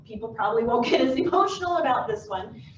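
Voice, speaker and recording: This success coach has a fairly high pitch and speaks fast, leading a lively business workshop for a live audience in a meeting room. Animated and playful, she performs little scenes in various voices, recorded from afar in an echoey, dull, slightly noisy space.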